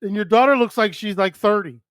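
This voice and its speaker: A man's voice: high voice, fairly quick, fairly bright tone, a little hiss or hum. An older man from New hosting a live radio stream, chatting loosely and cursing with a friend. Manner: loose, profane, joking. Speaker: radio show host. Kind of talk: casual live-stream chat.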